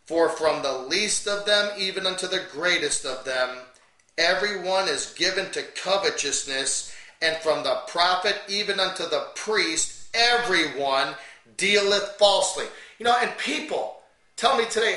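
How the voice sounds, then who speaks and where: A man's voice: high voice, expressive, a little slow, bright, forceful tone, roomy sound, recorded from a distance, low-quality recording. Fiery man preaching a Bible lesson. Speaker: Bible teacher.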